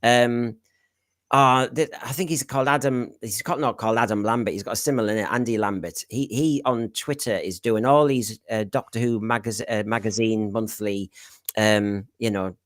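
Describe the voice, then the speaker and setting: A man's voice: fairly low pitch, normal speed, fairly bright tone, no echo, clean studio sound. A man hosting a podcast in casual chat, rambling and correcting himself as he goes. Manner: rambling, chatty, self-correcting. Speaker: podcast host.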